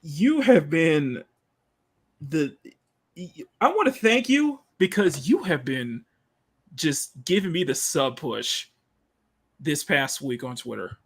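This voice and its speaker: A man hosts a live stream with a high, bouncy voice that jumps all over the place. He sounds giggly and excitable as he greets the chat one name after another. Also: slow, pauses often, breathy edge. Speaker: streamer host.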